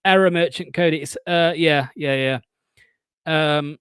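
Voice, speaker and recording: A man, hosting a fan watchalong stream and giving excitable, sweary live match commentary. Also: on the high side, measured pace, clear, resonant tone, no echo.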